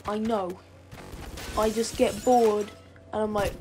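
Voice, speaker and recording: A woman's voice: mid-range voice, a little slow, long pauses, loud music behind the voice. A woman giving casual, rambling gameplay commentary that often corrects itself. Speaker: gaming channel creator. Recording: noisy game audio with gunfire. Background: game gunfire and clicks.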